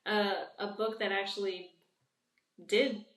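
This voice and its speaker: Her voice is medium-pitched, level and slightly bright, and she speaks slowly, set back from the microphone in a roomy space. A young guest artist in a casual interview, she rambles and leans on "like" again and again.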